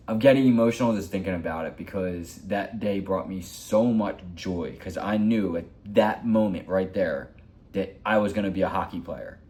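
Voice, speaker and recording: Man, 40s, deep voice, rambling heartfelt storyteller, vlog. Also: darkish tone. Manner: rambling, heartfelt, repeats himself. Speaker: hockey vlogger. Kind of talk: personal storytelling.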